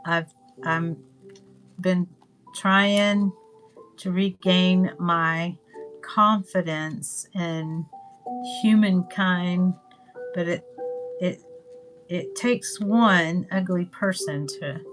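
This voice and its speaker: A woman's voice: on the low side, drawn-out words, pauses often, low-quality recording. An older woman from Northwest Florida with a Southern accent, chatting casually and rambling while she crafts on a livestream. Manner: rambling, chatty, trails off with ums. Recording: music playing behind.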